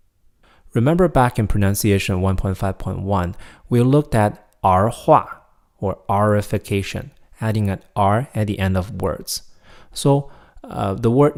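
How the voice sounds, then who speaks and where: A man teaching a recorded beginner language lesson, explaining patiently and slowing down to model each word. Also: on the low side, darkish tone. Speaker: Mandarin teacher.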